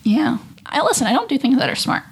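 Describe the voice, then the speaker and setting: A woman's voice: sits high, big pitch swings, fast, creaky, slightly rough. Chatty young woman reading out trivia. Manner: rambling, with frequent ums and laughs; reads trivia and viewer comments aloud. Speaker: co-host of a show reacting to cartoon episodes. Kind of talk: casual chat.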